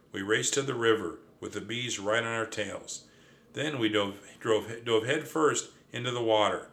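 A man reading a children's storybook aloud in a lively, expressive way. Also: lowish voice, moderate pace. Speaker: audiobook narrator. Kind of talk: storybook narration.

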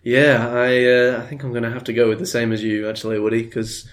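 A man hosting a casual film review podcast, relaxed, swearing freely as he leads the talk. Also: mid-range voice, fairly quick. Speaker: podcast host.

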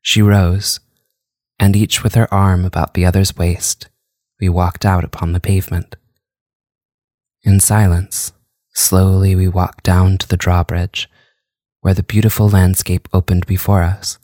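A man narrates a classic novel in a very deep, low voice, measured and unhurried. The recording is close and dry, with no room echo at all. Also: little pitch movement, a little mellow. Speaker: audiobook reader.

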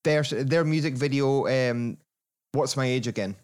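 A man hosting a casual football podcast, chatty and quick to laugh. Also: mid-range voice, clean tone. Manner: chatty, laughing, animated asides. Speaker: podcast host.

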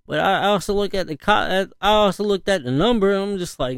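A man's voice: fairly high pitch, expressive, brisk, vocal fry, clean tone, dry recording, studio quality. A man in his thirties, a father, rambling through a casual story, full of fillers and slang. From northern US. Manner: laid-back, rambling, frequent fillers and slang, laughs often.

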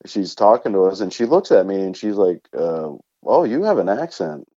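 Brief: easygoing male musician with a Vermont accent, low mellow tone, muffled recording. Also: lively intonation, normal speed. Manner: easygoing storyteller, laughs often. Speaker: musician guest. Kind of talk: casual interview chat.

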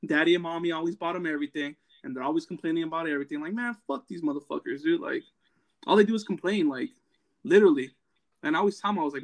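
A man's voice: on the high side, very fast. A man from California, a former Marine, ranting bluntly in casual chat with heavy profanity.

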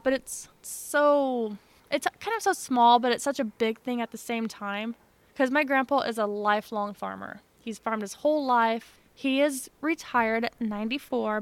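A young woman co-hosting a podcast tells a story in a chatty, sarcastic way during casual conversation. Her voice is on the high side with a clean tone and no room sound.

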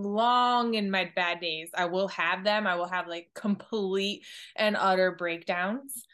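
A woman's voice: medium pitch, fairly bright tone. A woman co-hosts a casual podcast chat in a mid-range voice. She speaks in an earnest, driven way, with an easy conversational delivery. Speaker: podcast co-host.

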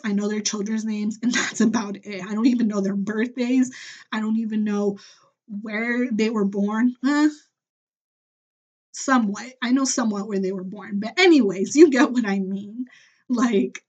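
Young woman ranting on her podcast, heated and foul-mouthed, kinda husky, muffled audio. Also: mid-range voice, darkish tone. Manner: blunt, profane, heated venting. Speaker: podcast host. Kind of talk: solo rant podcast.

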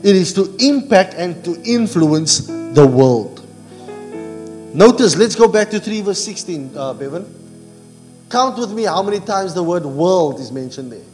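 Middle-aged male pastor, call-and-response sermon, slightly high voice, church hall echo. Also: expressive, measured pace, darkish tone. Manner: call-and-response preaching, asks the congregation to finish verses. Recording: church hall reverb with music.

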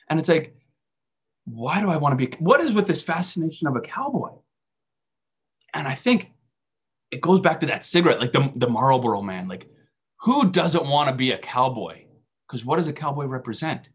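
A man speaks at a faith meeting in a relaxed, conversational way. His voice is husky and sits at a middle pitch. He tells self-deprecating stories and keeps asking his listeners rhetorical questions. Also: normal speed, pauses often. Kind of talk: conversational sermon talk.

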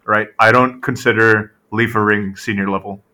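A man talking through a casual sports podcast, his voice a touch low and forceful with a bright edge. He keeps checking in with "right?" and leans on fillers as he builds a point. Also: normal speed. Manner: animated, full of "right?" tag questions and fillers. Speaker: podcast co-host.

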